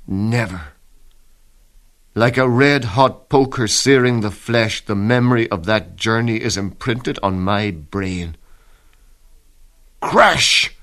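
A man giving a dramatic first-person reading of a soldier's diary in a grave, measured way, often sinking to hushed tones. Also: medium pitch. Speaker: diary reader.

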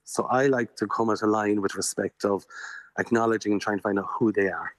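An Irish man with a fairly low voice talks earnestly and at length as a radio guest, leaning on little fillers as he explains. The studio sound is close and dry, with no room echo. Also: fairly even intonation, brisk. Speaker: guest paranormal investigator. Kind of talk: radio interview, storytelling.

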